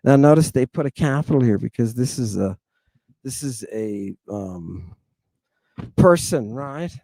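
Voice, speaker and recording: Male language teacher, unhurried, warm, dry close sound, spells out syllables and cheers progress. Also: medium pitch, animated, no room sound. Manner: drills words syllable by syllable, repeats them slowly; bursts of delighted praise. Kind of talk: pronunciation lesson.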